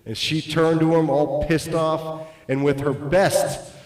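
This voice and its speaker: Slow, roomy-sounding male stand-up comic. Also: on the high side, little pitch movement. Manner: self-deprecating, swings between loud bursts and muttered asides. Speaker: stand-up comedian. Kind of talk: stand-up comedy storytelling. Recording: roomy echo.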